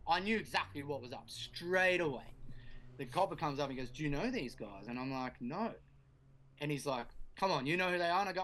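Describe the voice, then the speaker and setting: A man's voice: a little high, expressive, normal speed, fairly bright tone. Sweary guy telling stories. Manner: swearing, storytelling, acts out quotes. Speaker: guest BMX rider. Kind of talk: casual podcast chat.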